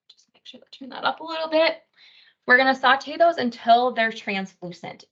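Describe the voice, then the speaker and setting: A woman's voice: medium pitch, a bit bright, highs cut off. A woman dietitian teaching a cooking class, explaining each step in a casual, friendly way with a few fillers.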